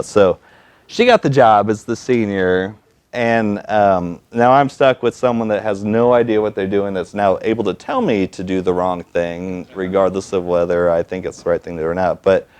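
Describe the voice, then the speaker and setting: A man at a storytelling event, telling a personal story in an animated, self-mocking way and acting out the people he quotes. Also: lowish voice, smooth, no echo.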